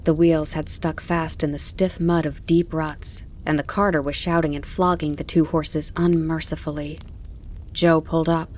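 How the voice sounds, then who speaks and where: Woman, audiobook narration, calm and measured, lower voice, faint campfire crackle. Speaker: audiobook reader.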